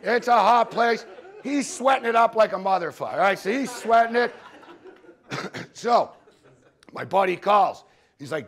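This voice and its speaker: High-voiced guy at a conference, swearing a lot, telling betting stories and repeating his point. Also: animated, moderate pace, creaky, fairly bright tone. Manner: profane, storytelling, punchy repetitions. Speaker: sports betting show host giving a conference talk. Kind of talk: animated anecdotal presentation. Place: conference room with audience.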